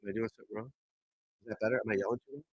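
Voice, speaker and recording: A man hosting a casual golf livestream, talking loudly, swearing and rambling as he chats with viewers. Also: lowish voice, very fast, breathy edge, no room sound, muffled recording. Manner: loud, swearing, rambling and frustrated. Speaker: golf pro livestream host. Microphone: desk mic at computer.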